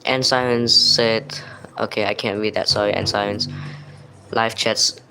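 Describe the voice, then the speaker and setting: A man's voice: lowish voice, fairly even intonation, vocal fry, noisy background. A young man hosting a livestream, reading out viewer comments one after another and apologizing often. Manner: reads viewer comments in quick succession, apologetic. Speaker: livestream host. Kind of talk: reading live chat aloud.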